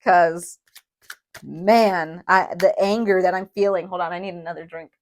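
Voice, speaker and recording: A woman giving a tarot reading to viewers, emphatic and emotional, often checking in with a quick "okay?". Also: lowish voice, steady tone. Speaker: tarot reader.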